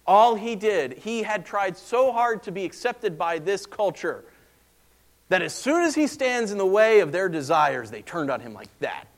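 A man preaching a sermon in a conversational, animated way, acting out the voices he quotes. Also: sits high, measured pace.

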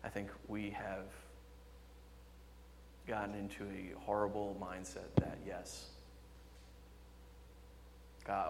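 A man's voice: on the low side, a little hiss or hum. Impassioned male pastor in a reverberant hall. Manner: impassioned, swings from loud emphasis to hushed tones. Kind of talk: sermon.

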